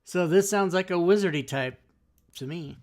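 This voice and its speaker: A man playing a tabletop game, easygoing and quick to laugh. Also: sits high. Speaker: player. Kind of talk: casual chat at a game table.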